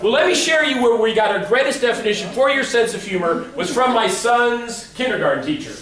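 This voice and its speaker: A man's voice: extremely high pitch, expressive, fairly quick, fairly bright tone, faint music behind. A middle-aged man giving a humorous motivational keynote to a live audience, telling playful stories and acting out quotes. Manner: joking, playful storytelling with acted-out quotes. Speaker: motivational speaker. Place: large hall before a live audience. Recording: echoey hall from far off.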